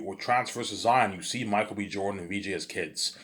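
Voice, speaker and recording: Low-voiced man rambling through a story. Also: fairly quick, few pauses. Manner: repetitive and stammering, with constant "you know what I'm saying" fillers; bursts into excited loud asides. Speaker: storyteller pitching a film idea.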